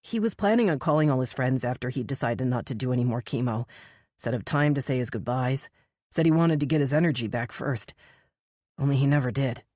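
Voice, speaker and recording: A woman voicing a proud, grieving young man whose voice is deep and solemn. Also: lively intonation, a little fast, a little mellow, no room sound, studio quality, natural voice. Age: young adult.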